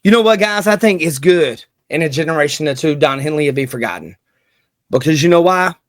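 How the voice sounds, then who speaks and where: A man's voice: a little high, lively intonation, brisk, no room sound, clean studio sound. A man hosting a casual commentary vlog, hyped and slangy, repeating lines for emphasis. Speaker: channel host.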